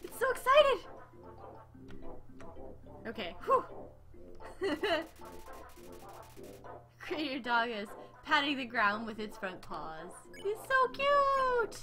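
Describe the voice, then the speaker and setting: A woman commenting as she plays a video game, reading its text aloud, giggling often and squealing with delight. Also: a little high. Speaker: gamer playing a video game. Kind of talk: let's play commentary.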